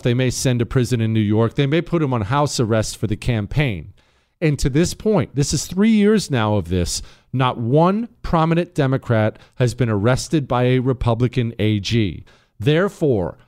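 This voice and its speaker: A man's voice: medium pitch, a little mellow. A man hosting a talk show, speaking in a heated, emphatic and mocking way. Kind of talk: opinionated political talk.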